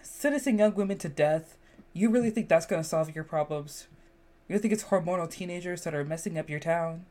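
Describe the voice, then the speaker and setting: A woman hosting a podcast in casual chat, sassy and animated, her voice jumping up when she exclaims. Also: on the low side, a little fast. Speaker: podcast host.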